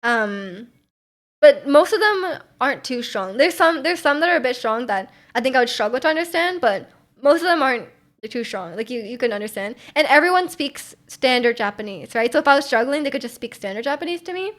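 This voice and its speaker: A young woman talks loosely to her stream chat, wandering through her thoughts with plenty of "like" and small laughs. Her voice sits a little higher than most. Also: lively intonation, brisk, fairly bright tone. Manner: rambling, heavy use of "like", frequent laughs. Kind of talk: casual chat with viewers.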